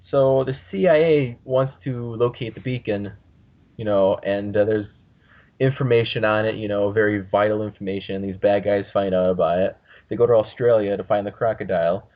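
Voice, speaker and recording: A man hosting a casual podcast, rambling and swearing freely as he talks. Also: lowish voice. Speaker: podcast host. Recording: muffled lo-fi audio.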